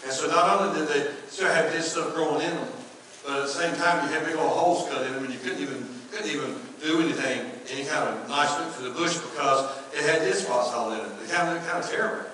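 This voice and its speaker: A man's voice: a little high, fast. A male pastor, telling a story in a sermon and acting out the people in it. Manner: animated, acts out the people in his story. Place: church sanctuary. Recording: echoey hall from far off, faint noise.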